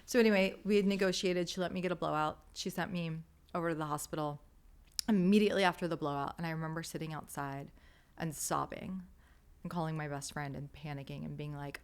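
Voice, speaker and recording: Low creaky-voiced woman telling her story. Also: steady tone, fast. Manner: candid, emotional, many fillers like "like" and "you know". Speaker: podcast guest. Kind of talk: candid storytelling interview.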